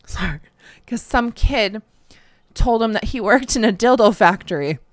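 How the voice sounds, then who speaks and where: A woman's voice: on the high side, expressive, a little slow, no room sound, studio quality. A woman co-hosting a podcast, telling rambling stories full of fillers and laughing often. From Canada. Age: young adult to middle-aged, a parent. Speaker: podcast co-host. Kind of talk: casual podcast chat.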